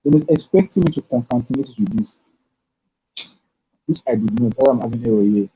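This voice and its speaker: Halting man teaching code, dark muffled voice. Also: medium pitch, slightly rough. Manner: halting, thinks aloud while typing. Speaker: programming tutor. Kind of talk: live-streamed coding lesson. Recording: dull lo-fi stream audio.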